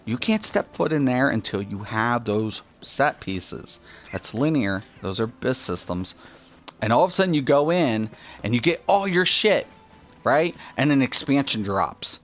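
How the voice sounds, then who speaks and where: A man's voice: mid-range voice, unhurried. Middle-aged male gaming host, mid-range voice, rambling and cussing, loose commentary while playing. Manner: rambling, profane, animated. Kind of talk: casual gameplay commentary.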